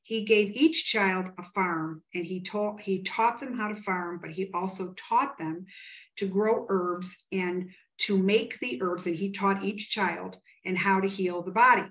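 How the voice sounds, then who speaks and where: A woman's voice: mid-range voice, measured pace, fairly bright tone. Earnest rambling woman storyteller. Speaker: psychic medium. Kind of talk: interview guest telling stories.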